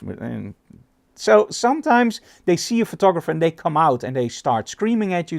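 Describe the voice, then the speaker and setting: A middle-aged Dutch man teaches a photography class, his medium-pitched voice moving a little quickly with some vocal fry. He tells stories with real animation, acting out small dialogues along the way.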